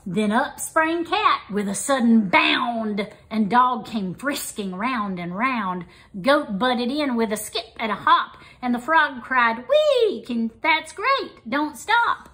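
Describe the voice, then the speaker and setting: A woman reading a children's picture book aloud as storyteller, in an expressive sing-song way. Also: on the high side, takes it slowly.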